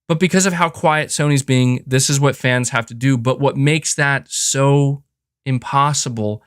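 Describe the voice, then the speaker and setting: A man hosting a podcast who rants with passion and leans hard on key words. His voice sits at an ordinary middle pitch. The close mic gives a dry sound with no room echo. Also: a little slow, clear, resonant tone. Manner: emphatic, passionate ranting. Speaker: podcast host. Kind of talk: casual opinion commentary.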